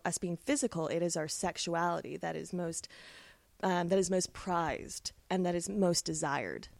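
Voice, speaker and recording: Recorded with no room sound, a Canadian woman co-hosts a film podcast in a slightly mellow, low-leaning voice. Her takes are enthusiastic and analytical, peppered with casual swearing.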